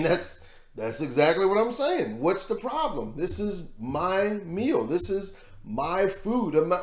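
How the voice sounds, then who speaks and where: A man's voice: a little high, reverberant. A man giving casual, rambling commentary on a news story as host of his own show, repeating words as he goes. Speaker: vlog host.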